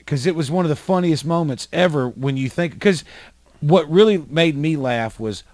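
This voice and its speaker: A man's voice: a little high, moderate pace, no room sound. Man telling rowdy stories, dry sound. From Highland, New York. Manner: animated storyteller, swears freely. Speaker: podcast host. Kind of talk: casual chat, storytelling.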